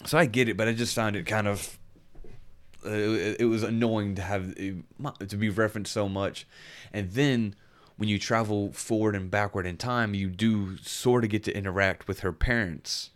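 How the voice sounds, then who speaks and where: A man's voice: on the low side, fairly even intonation, normal speed. A man chatting casually as a podcast co-host, rambling and searching for words with frequent restarts. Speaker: podcast co-host reviewing a game. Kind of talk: casual chat.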